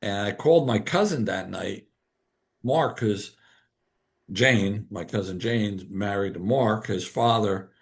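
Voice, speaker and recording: A man's voice: fairly low pitch, slow pace, creaky. A man, a podcast guest telling a story and acting out the dialogue in it. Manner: animated, acts out quoted dialogue. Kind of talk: casual storytelling.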